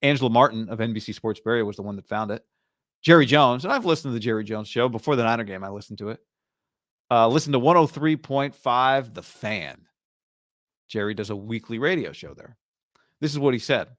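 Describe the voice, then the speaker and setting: A man's voice: medium pitch, animated, fairly quick, a bit bright, no room sound, studio quality. A man hosting a sports talk show, giving casual, emphatic commentary and repeating lines for punch.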